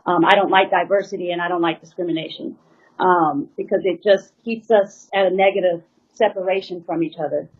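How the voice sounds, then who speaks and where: A woman's voice: on the low side, fairly even intonation, brisk. Woman drummer talking it out, rambly and pleading, kinda muffled audio. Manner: rambling, full of "you know" and "like" fillers; earnest, pleading. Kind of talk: emotional personal account. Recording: slightly muffled lo-fi recording.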